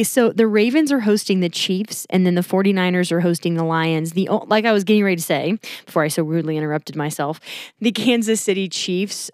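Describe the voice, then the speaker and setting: A woman's voice: fairly low pitch, a little mellow, no room sound, studio quality. Chatty woman hosting a sports podcast. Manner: chatty, self-correcting, laughs at herself. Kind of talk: casual solo sports recap.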